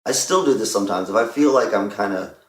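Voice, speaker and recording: A man's voice: lowish voice, quick pace, reverberant. A man co-hosting a radio show, talking openly and reflectively in casual chat. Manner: reflective, open about his feelings. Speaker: radio co-host.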